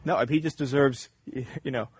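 A man's voice: medium pitch, fairly even intonation, unhurried, slightly rough, no echo. Earnest preacher man with a dry sound. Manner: earnest, emphatic, repeats key phrases. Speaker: pastor. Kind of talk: sermon.

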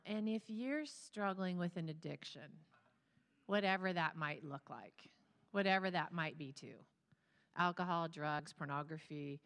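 A woman therapist with a fairly low, fairly bright voice addresses a church congregation, giving a sermon talk in an earnest, teary, conversational way. The large church sanctuary adds a long hall reverb to the recording.

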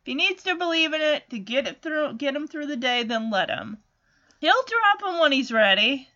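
A chatty, animated woman recaps a cartoon in a casual talk. Her voice is high and bright, and her pitch swings a lot. The recording sounds a bit dull and lo-fi. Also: moderate pace. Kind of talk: casual chat.

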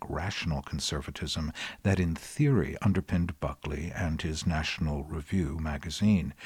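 A man in his sixties, from the United States, hosting his podcast with dry, wry, measured commentary. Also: sits low, darkish tone, husky, no room sound. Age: 60s. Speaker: podcast host. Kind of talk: scripted commentary.

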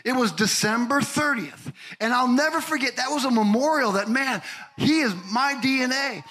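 High, bright-voiced animated male pastor. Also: moderate pace, rough recording. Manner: animated storytelling, asks the congregation questions. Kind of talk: sermon.

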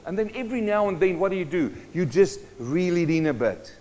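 A man's voice: high voice, expressive, a little fast, darkish tone. A man preaching a sermon, asking his congregation questions as he teaches. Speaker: pastor. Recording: dull sound with long hall reverb.

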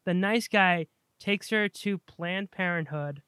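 A man co-hosting a casual chat about movies, eager and rambling, tripping over repeated words when excited. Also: sits high, takes it slowly, clear, resonant tone, dry recording, studio quality. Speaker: podcast co-host.

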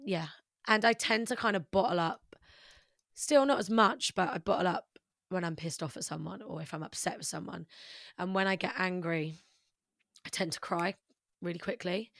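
A woman's voice: lowish voice, normal speed, gravelly, fairly bright tone, no room sound, studio quality. A young British woman, a musician guest, talking openly and rambling about her life, with many "like"s. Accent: British English. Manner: open, rambling, says "like" often. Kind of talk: candid personal conversation.

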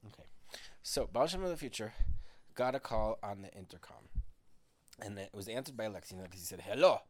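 A man making up a bedtime story at home, speaking gently and often dropping to a murmur. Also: on the low side, lively intonation, fairly quick. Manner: gentle, drifting into quiet murmurs. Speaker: parent telling a bedtime story.

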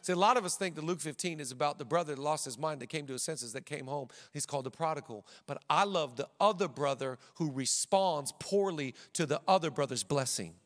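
Brief: high-pitched male pastor, lively sermon delivery with acted-out quotes, long hall reverb. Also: fairly quick, few pauses. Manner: animated, acts out quotes in character voices.

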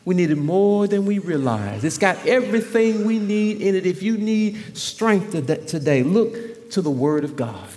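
A man preaching a sermon as pastor, emphatic and repetitive, his voice swelling at times to a shout. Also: high-pitched, very animated, unhurried, in a large hall.

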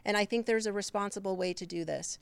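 Debate candidate, woman, smooth clear voice, dry close sound, measured. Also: mid-range voice, no room sound. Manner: measured, policy-focused, some restarts. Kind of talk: debate answer.

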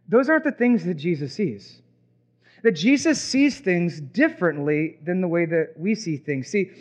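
A man preaching a sermon as pastor, animated and acting out imagined reactions. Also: high voice, dull audio.

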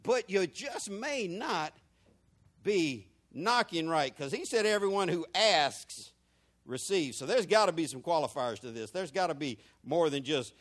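High-pitched preacher, soaring and dipping. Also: male voice, lively intonation, measured pace, a bit bright. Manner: preaching with big swings in pitch and volume, rhetorical questions to the congregation. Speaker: pastor. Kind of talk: sermon.

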